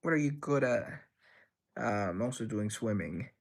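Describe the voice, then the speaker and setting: A man's voice: mid-range voice, lively intonation, normal speed. A young man hosting a livestream, reading chat messages aloud and answering them in a rambling, playful way. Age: young adult. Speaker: livestream host.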